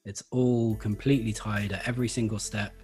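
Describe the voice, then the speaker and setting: A man explaining Feldenkrais practice in a relaxed interview, thoughtful and hesitant, with many fillers. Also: lowish voice, brisk, soft background music. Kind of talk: conversational interview.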